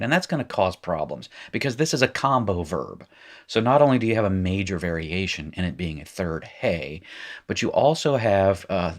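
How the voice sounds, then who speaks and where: Low-voiced man teaching, rambling and wry. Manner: rambling, self-interrupting, wry asides. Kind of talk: recorded language lesson.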